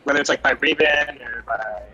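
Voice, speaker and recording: Husky, bright-voiced young man player. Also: medium pitch, fairly quick, dull audio. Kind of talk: casual tabletop game chat.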